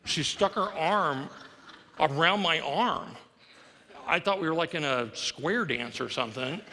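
A man's voice: fairly high pitch, animated, a little slow, sharp tone, a little hiss or hum. A middle-aged male pastor preaching a sermon, telling a story with humor and self-deprecation. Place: church sanctuary. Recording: long reverb of a large church hall.

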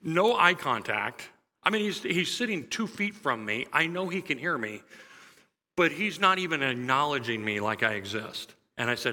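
A middle-aged pastor preaches in a relaxed, storytelling way, chuckling now and then. His voice is very bright and ringing, and it carries a long reverb from the large hall around him. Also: mid-range voice, normal speed. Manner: conversational storytelling, lively and chuckling. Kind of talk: sermon.

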